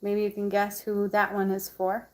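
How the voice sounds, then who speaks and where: A woman's voice: medium pitch, monotone, moderate pace, slight background noise. Bubbly chatty woman vlogger. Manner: bubbly, chatty, lots of ums and likes. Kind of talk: casual chat to camera.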